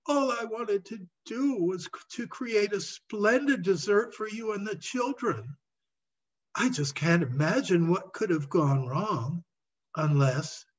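A man's voice: high-pitched, animated, slow pace, lo-fi sound, pitched above the performer's own voice, exaggerated voice. A man reading a storybook aloud and voicing a distraught grown man who stammers and pleads. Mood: pleading.

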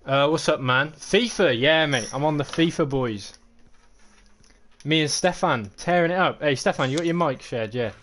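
A man's voice: on the high side, normal speed, fairly bright tone, slight background noise. A man streaming a football video game, chatting casually with banter and laddish slang. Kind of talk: casual gaming chat.

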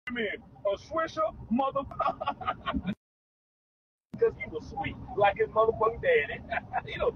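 A man in a confrontational, profane rant, taunting and bursting into shouts. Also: very high-pitched. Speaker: online commentator. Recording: muffled lo-fi recording with faint noise.

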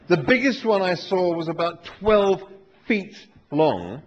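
A man, giving a humorous live talk on stage with dry, wry, deadpan asides. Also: high voice, slow, breathy edge. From England. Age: 40s. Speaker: author giving a live reading. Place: lecture hall with an audience. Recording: dull lo-fi live recording with faint noise.

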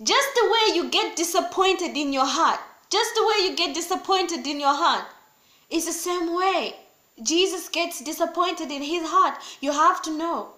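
Woman preacher, very high and sharp voice, insistent repetitive sermon delivery. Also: a little slow, roomy sound. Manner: emphatic and repetitive, swinging from loud pleading to low grave tones.

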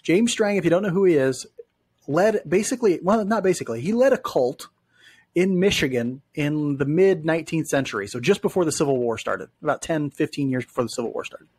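A man's voice: a little high, animated, a little fast, a little mellow, husky. A man co-hosting a sports podcast, chatting in a friendly, self-deprecating way. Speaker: podcast co-host. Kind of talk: casual sports chat.

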